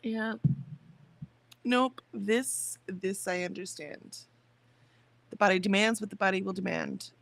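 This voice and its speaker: A woman's voice: medium pitch, slow pace, creaky, pauses often, a bit bright, dry recording. A woman chatting casually on a livestream, rambling about her morning and talking to her viewers. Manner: chatty, rambling, talks to chat and her dog. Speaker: livestream host.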